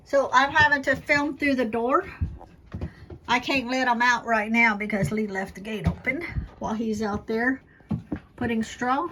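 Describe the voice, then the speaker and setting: Woman, fairly high voice, very slow casual vlog chat, sitting on the floor at home, faint background noise. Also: pushed and bright. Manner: slow, unhurried, talks fondly to her dogs. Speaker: vlogger. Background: dogs barking.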